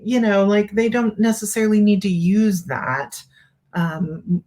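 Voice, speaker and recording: A middle-aged woman hosting a parenting show, giving casual advice in a relaxed, chatty way with many fillers and restarts. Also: medium pitch, measured pace.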